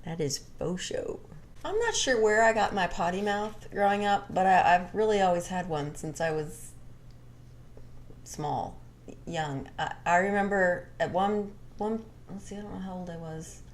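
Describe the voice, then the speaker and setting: A woman's voice: lowish voice, measured pace, a little hiss or hum. A young adult woman casually telling a candid, rambling personal story and swearing freely.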